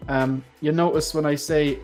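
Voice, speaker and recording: A man's voice: fairly high pitch, level tone, moderate pace, darkish tone, faint music behind. A man with an Irish accent hosting a casual livestream, chatting and reading out viewer comments. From Ireland. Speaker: livestream host. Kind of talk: casual chat.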